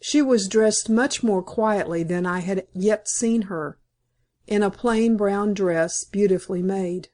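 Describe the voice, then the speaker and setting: Woman narrator, audiobook reading, composed, measured, medium pitch. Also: a little mellow. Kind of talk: audiobook reading of a classic novel.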